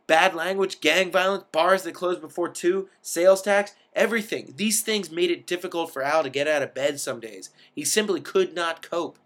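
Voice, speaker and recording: A man reads a first-person story aloud in a wry, expressive manner. His voice sits a little high for a man, and he pushes key words up with sudden emphasis. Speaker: reader of a story.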